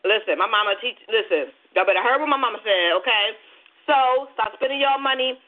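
A sassy woman host talks straight to her audience with lively energy. Her voice is mid-pitched for a woman and comes through narrow and phone-like. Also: moderate pace. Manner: sassy, animated, addresses listeners directly. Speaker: radio show host. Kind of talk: casual phone-in talk radio. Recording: phone-like, lo-fi sound.

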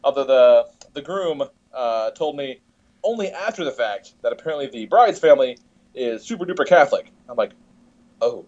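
A man's voice: mid-range voice, expressive, fairly quick, a little mellow, highs cut off. A man co-hosting a podcast, telling a long story in casual chat, swearing freely and laughing often, heard over a video call from a tablet. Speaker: podcast co-host.

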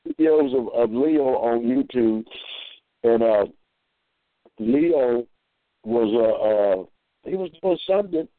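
Male minister calling in, mid-pitched, folksy and rambling, over a dry, tinny phone line. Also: expressive, slow, long pauses, no room sound. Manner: rambling, repeats himself, acts out voices. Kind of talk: folksy storytelling and preaching.

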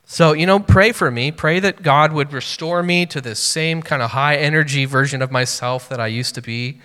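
A man's voice: fairly high pitch, a bit bright, clear, resonant tone. A man in his thirties preaching a sermon as a pastor, speaking earnestly and personally in a conversational way with many fillers. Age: 30s. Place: church sanctuary. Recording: long hall reverb.

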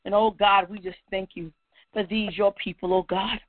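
A woman's voice: mid-range voice, fairly even intonation, moderate pace, no echo. A woman leading a fervent spoken prayer, repeating "oh God" between phrases and rising to cries. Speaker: prayer leader. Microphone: phone line. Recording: tinny phone line.

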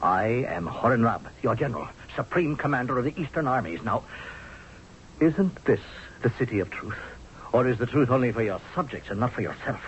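An actor playing an exasperated, sardonic army general in a radio drama, speaking forcefully. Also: male voice, medium pitch, expressive, brisk, a little hiss or hum, close to an everyday voice. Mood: scornful. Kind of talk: 1970s radio drama acting. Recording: dull lo-fi old radio broadcast.

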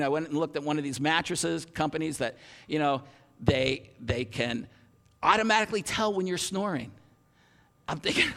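High, gravelly preacher in a big reverberant hall. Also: male voice. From Ohio, USA. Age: 50s. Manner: animated, stumbling restarts, self-deprecating humor. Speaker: pastor. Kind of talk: sermon.

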